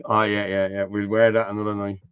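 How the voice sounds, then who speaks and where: A man's voice: fairly low pitch, little pitch movement, brisk, fairly bright tone, clean tone, no room sound. An Irish man hosting a casual live stream, blunt and scornful, swearing freely. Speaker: host. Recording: dull lo-fi stream audio.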